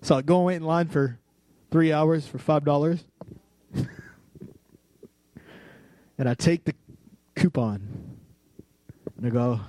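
A man's voice: fairly high pitch, unhurried, long pauses, warm tone, no room sound. A man preaching a sermon, mixing playful storytelling and jokes with earnest, heartfelt exhortation. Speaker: pastor.

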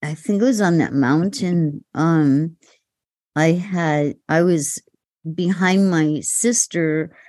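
Older woman, interview guest, animated storyteller, dry close sound. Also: low-pitched, slow, no room sound. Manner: acts out quoted voices, laughs often. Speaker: guest actress.

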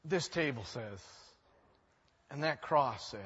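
A man's voice: high voice, animated, normal speed, fairly bright tone. A male pastor preaching a sermon, telling stories animatedly with joking asides. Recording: echoey hall, dull sound.

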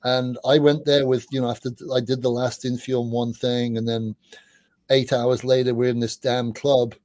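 Middle-aged man, interview guest, rambling animated storyteller, mellow warm tone, dry close sound. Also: mid-range voice, moderate pace, no room sound. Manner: rambling, animated anecdotes with casual swearing. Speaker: interview guest, music journalist. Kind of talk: anecdotal storytelling in a casual interview.

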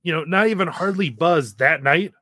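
A man's voice: on the high side, normal speed, sharp tone, dry recording, clean studio sound. A man in his thirties co-hosting a podcast, chatting casually and reacting in short, easygoing remarks. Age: 30s. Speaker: podcast co-host. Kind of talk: casual chat.

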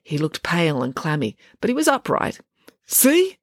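Lively woman narrating a children's audiobook. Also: deep voice, brisk, dry recording, clean studio sound. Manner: lively, expressive. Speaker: author and narrator.

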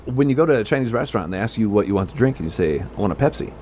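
A man co-hosting a casual comedy podcast, chiming in with quick remarks and chuckles. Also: lowish voice, expressive, darkish tone, a little hiss or hum. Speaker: podcast co-host.

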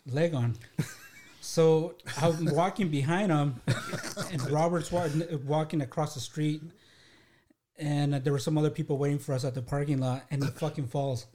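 A man's voice: on the high side, fairly even intonation, normal speed, mellow, slight background noise. A man telling a story in a casual podcast chat, laughing and swearing along. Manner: laughing, profane. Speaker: podcast guest.

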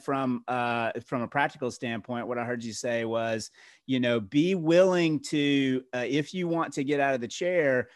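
A man co-hosting a podcast, speaking in a measured way and summing up his partner's points. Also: mid-range voice, dry recording, studio quality. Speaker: podcast co-host. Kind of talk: casual podcast conversation.

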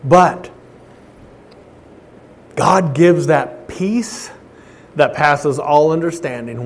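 A man preaching a sermon, moving from loud proclamation to soft, hushed pleading, repeating phrases as he builds. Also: fairly high pitch, very slow, pauses often. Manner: repeats and restarts phrases in a fervent preaching cadence. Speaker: pastor.

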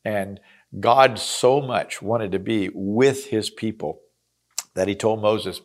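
A man with a fairly low voice reads a Bible passage and pauses to explain it. His delivery is earnest and conversational, like a teacher working through a chapter with his listeners. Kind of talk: sermon-style Bible reading and teaching.

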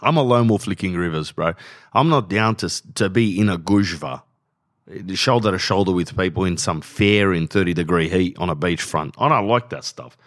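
A man's voice: low-pitched, moderate pace. A man hosting a podcast, rambling casually in slang and saying bro a lot. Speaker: podcast host. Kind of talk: casual rambling monologue with ad read.

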